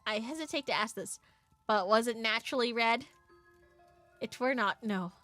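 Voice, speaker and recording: A fretful ghost mother with quaint, folksy turns of phrase, voiced by a woman. Her tone is bright and keen, with gentle music behind. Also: on the high side, moderate pace, dry recording. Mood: matter-of-fact. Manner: old-fashioned folksy dialect.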